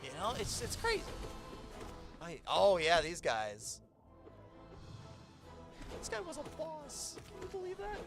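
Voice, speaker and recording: A young man chatting casually over a gameplay video, excitable, swearing and laughing often. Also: high-pitched, a little slow, pauses often, music in the background. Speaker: co-host watching a gameplay playthrough. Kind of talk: casual gaming chat.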